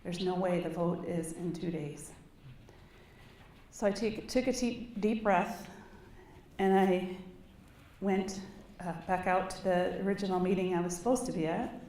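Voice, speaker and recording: A woman's voice: fairly low pitch, steady tone, measured pace, dark tone, a little hiss or hum. Impassioned woman speaking in an echoey hall. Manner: earnest, rising to impassioned. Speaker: keynote speaker. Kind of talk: personal storytelling speech. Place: large conference hall. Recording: echoey hall, distant mic, faint ambience.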